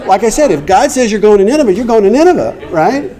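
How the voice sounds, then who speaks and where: A man's voice: high-pitched, very animated, fast talker, mellow, a faint crowd. A middle-aged man telling his recovery story to an audience, acting out the dialogue and laughing along the way. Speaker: recovery speaker. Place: meeting hall before an audience.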